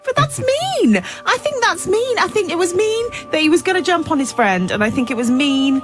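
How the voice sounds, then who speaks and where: A woman producer chats on a radio show in a high, very lively voice. She hesitates and restarts, animated as she talks. Faint music sits under the studio recording. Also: moderate pace. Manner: animated, hesitant, laughs easily. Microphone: studio microphone.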